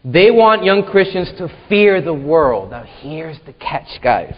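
A fairly high-voiced man co-hosts a church discussion show, driving his points home with punchy, animated emphasis. His voice rings out in a room with a long reverb tail. The recording is dull and lo-fi. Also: takes it slowly. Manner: animated, punchy, rhetorical asides. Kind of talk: emphatic teaching talk.

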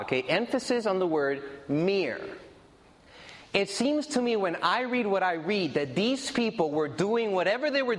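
A man's voice: sits high, in a large hall. A man preaching a sermon in a conversational way, repeating and stressing his points to the congregation.

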